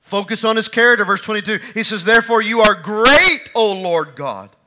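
A man preaching a sermon from the pulpit, his voice pitched high and bright. He drives points home with loud bursts, then sinks to hushed, quiet lines. It is the steady, emphatic cadence of a church pastor. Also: normal speed. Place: church sanctuary.

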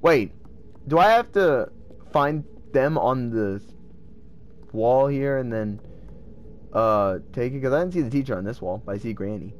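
A man giving casual gameplay commentary, excitable and swearing as he talks to himself. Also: medium pitch, a little slow, long pauses, dull audio. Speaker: let's play gamer.

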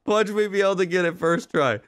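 A man's voice: high voice, fast, a bit bright. A man streaming a game role-play, laughing helplessly and swearing as he breaks character.

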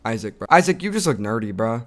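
A young man talks straight to his viewers in loose, crude banter full of slang. His voice sits at an ordinary middle pitch and keeps jumping into hyped, yelling bursts. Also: very animated, quick pace. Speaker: content creator. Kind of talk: casual vlog commentary.

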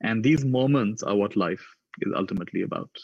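Low-voiced man telling moving stories. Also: a little fast, creaky, darkish tone, slightly rough, no room sound, lo-fi sound. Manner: acts out the voices in his stories with raised pitch. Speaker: conference speaker. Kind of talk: reflective storytelling talk.

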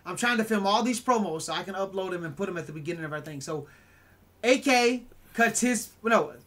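A man hosting a podcast, telling a story in a casual, animated way and tagging "right?" onto his lines. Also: high-pitched, fairly quick. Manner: animated, acts out quotes, keeps adding "right?". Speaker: podcast host.

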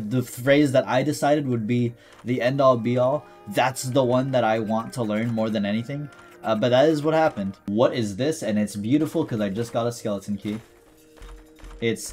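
A man's voice: medium pitch, darkish tone. Chatty man narrating his gameplay. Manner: jokey, reads item text aloud, talks to the character. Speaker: gaming YouTuber. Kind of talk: casual gameplay commentary.

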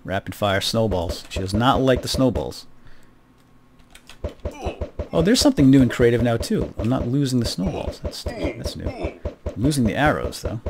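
A middle-aged man talks through a video game in a relaxed, chatty way. His pitch sits in the middle for a man, and he speaks to his viewers with wry asides as he plays. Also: moderate pace, vocal fry, pauses often, background noise. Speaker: gaming video host. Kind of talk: casual gameplay commentary.

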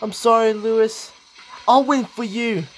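A man's voice: extremely high pitch, fairly even intonation, unhurried, slight background noise, voice pushed up, poor audio. A man voicing a sly male wrestling champion who brushes off the referee and reassures his partner.

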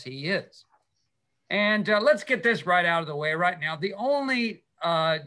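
Speaking with a fairly high pitch and a sharp tone, this middle-aged guest speaker, a middle school science teacher, delivers an enthusiastic talk with slides over a video call. He keeps it chatty and animated, often pausing to ask "okay?".

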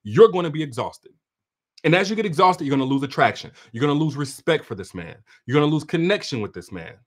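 Man giving a relationship talk on a livestream, kinda high voice, swings up and down a lot, preachy big-brother vibe. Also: big pitch swings, fast talker. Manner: preachy and direct, like a big brother, with repeated emphatic phrases. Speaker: relationship coach. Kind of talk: livestream masterclass talk to viewers.

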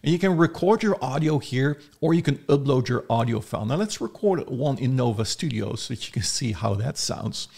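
A man casually demonstrating software, chatty and thinking aloud. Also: medium pitch, expressive, brisk, creaky, hardly any pauses, slightly rough. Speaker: software reviewer. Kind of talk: casual screen-recorded tutorial.

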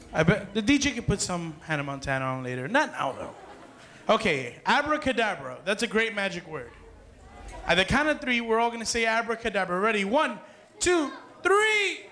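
A high-voiced man works as a children's party magician, joking playfully with the kids and calling out to the crowd during his live show patter. He's in a party hall with a dance floor, and background noise can be heard.

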